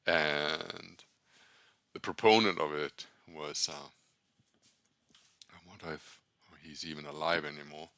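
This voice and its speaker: A man's voice: very deep voice, fairly even intonation, slow, pauses often, bright, forceful tone, no echo. A man trading on his own channel, talking casually through charts in a rambling, blunt way and correcting himself as he goes. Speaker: trader keeping a trading journal. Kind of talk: casual talk while screen-sharing charts.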